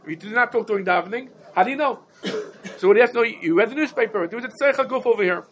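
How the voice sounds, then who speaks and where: A man's voice: high-pitched, very fast, low-quality recording. A man teaching a Talmudic shiur lecture, firing rhetorical questions and repeating points for emphasis, with faint background noise. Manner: rhetorical questions, emphatic repetition, Yiddish-Hebrew terms. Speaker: Torah teacher.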